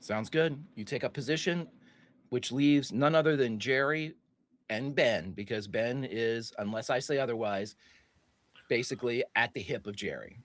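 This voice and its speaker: A man's voice: mid-range voice, moderate pace. A man narrating a tabletop game as game master, loose and rambling with many fillers and restarts.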